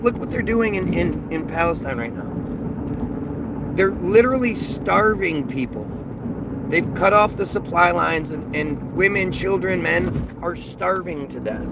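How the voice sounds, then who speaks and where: A man rants off the cuff, sarcastic and profane, tripping over repeated words and restarts. His voice sits a bit high for a man. Traffic and outdoor noise run clearly under the recording. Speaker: vlogger. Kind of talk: unscripted ranting monologue.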